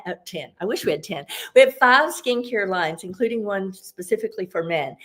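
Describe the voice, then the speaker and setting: A woman giving a casual, upbeat beauty tutorial as a consultant, chatty and explaining step by step, a little out of breath. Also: medium pitch.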